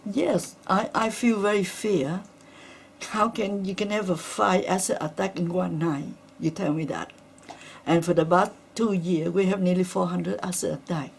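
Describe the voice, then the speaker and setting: A middle-aged woman speaking in halting, non-native English, giving earnest and shaken testimony in an interview. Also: fairly low pitch, steady tone, creaky, slight background noise. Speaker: interviewee, attack survivor. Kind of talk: emotional personal testimony.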